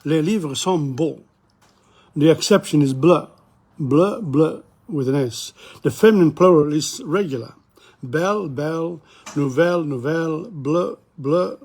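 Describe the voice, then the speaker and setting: Older male teacher, gravelly, husky, a little high-pitched, repeats words for practice, opinionated asides. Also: a little slow, a little mellow. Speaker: language teacher. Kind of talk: informal video lesson. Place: bookshop.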